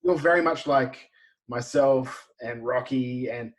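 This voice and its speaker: An Australian man hosting a podcast, asking casual, rambling questions in a relaxed conversational way. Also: medium pitch, slow pace. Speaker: podcast host. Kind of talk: podcast interview.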